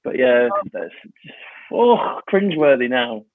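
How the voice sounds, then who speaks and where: A man, a guest performer, telling an animated stage anecdote and acting out the shouts he quotes, heard over a remote call. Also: medium pitch, unhurried, no echo. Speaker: guest clown. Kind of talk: casual anecdote. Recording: dry tinny phone-like line.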